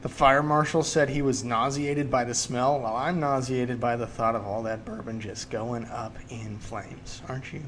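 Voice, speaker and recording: A man's voice: mid-range voice, steady tone, moderate pace, few pauses, fairly bright tone, slight background noise. A man hosting his own show in a jokey, rambling, casual way, with many fillers. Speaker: podcast host. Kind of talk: casual chat.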